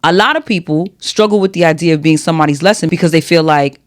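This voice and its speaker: A woman's voice: deep voice, fast talker. A woman hosting a solo podcast, talking to her listeners in a chatty, playful way while teaching at a whiteboard. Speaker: podcast host.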